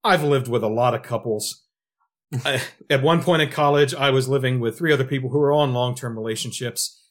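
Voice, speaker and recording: A man's voice: mid-range voice, brisk. A man co-hosting a podcast, telling a funny story about a film scene and laughing along. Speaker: podcast co-host. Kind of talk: casual film review chat.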